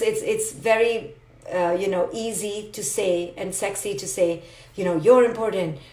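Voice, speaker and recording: Her mid-range voice has a darkish tone and a roomy sound. She's a psychologist delivering a live motivational talk, addressing her audience directly, repeating herself emphatically and slipping in acted asides.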